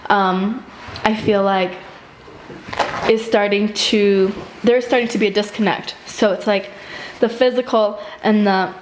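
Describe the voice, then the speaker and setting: A woman in casual chat on a food vlog, speaking earnestly and motivationally, with loud laughter between points. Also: mid-range voice, fairly even intonation, a little slow, background noise. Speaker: co-host. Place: indoors at a table, eating on camera.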